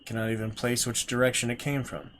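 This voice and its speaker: A man reads a gamebook aloud on a stream in a steady, middle-pitched voice. He takes the story at a measured pace and mutters asides under his breath. Faint background noise sits under the voice. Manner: slow, measured reading broken by quiet mumbled asides.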